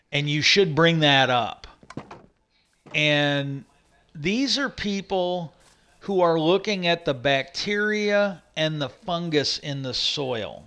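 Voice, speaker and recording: A man hosts a livestream in a bright, clear, resonant voice that sits on the high side and sounds pushed. He rambles casually, retelling a conversation with plenty of "he goes," frequent restarts and fillers.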